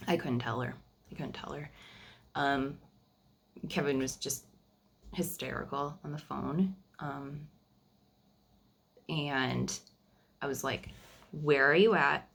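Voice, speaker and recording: A woman in her thirties talks into the camera at home in a personal video diary. Her voice sits low, with a husky, gravelly edge. She sounds emotional and halting, and often circles back over her own phrases. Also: a bit bright. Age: 30s. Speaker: vlogger sharing family news.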